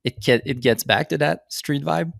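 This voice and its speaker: A man's voice: fairly high pitch, moderate pace, vocal fry, fairly bright tone, no room sound, clean studio sound. A man hosting a podcast, asking loose, curious questions in casual chat. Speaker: podcast host.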